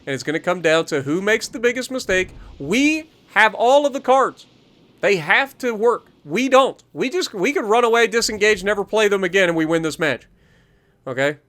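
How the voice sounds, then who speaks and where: A man's voice: high voice, expressive, normal speed, a bit bright. A man giving explanatory, coaching commentary over a recorded naval game match as the host of a gaming channel. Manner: explanatory, coaching, repeats key points.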